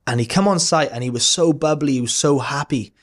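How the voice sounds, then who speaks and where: A man's voice: fairly high pitch, fairly quick. A man in his thirties telling a personal story as a podcast guest, casual and earnest, rambling with frequent restarts and some swearing.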